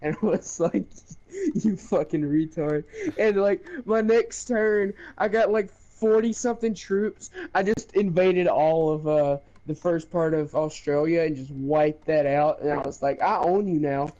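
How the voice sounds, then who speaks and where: A young man telling a game story in casual chat, animated, laughing and swearing. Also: on the high side, a little slow, few pauses, highs cut off.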